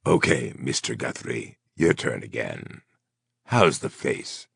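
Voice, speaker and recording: A cruel, mocking gunman drawls his taunts, as a male narrator voices him. The voice is very deep and gravelly with a husky edge. Lines come slow and sneering, rising and falling as he toys with his victims. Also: sing-song, fairly bright tone, no echo, studio quality, full character voice. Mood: taunting.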